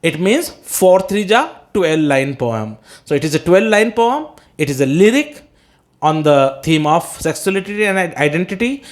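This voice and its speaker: A man's voice: high voice, very animated, moderate pace. A man with an Indian English accent teaching poetry as an English teacher, breaking ideas down step by step, asking questions and answering them himself, with many "uh"s and "okay?" checks. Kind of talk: classroom lecture on poetry.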